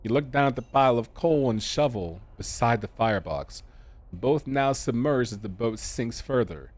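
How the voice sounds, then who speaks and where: A man's voice: medium pitch, expressive, darkish tone. Man streamer reading game text, joking. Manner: slow, deliberate reading of narration, jokey asides. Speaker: gaming streamer. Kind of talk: reading game text aloud with casual commentary.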